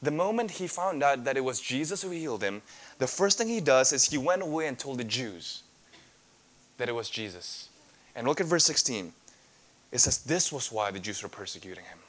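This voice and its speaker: A man's voice: medium pitch, big pitch swings, normal speed, fairly bright tone. A man preaching a sermon as a pastor, earnest and full of rhetorical questions.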